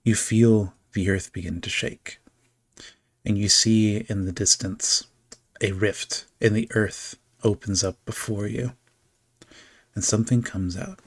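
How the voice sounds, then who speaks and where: Low-voiced man narrating a tabletop game. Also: steady tone, takes it slowly, no echo, clean studio sound. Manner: descriptive storytelling with casual fillers. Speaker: game master.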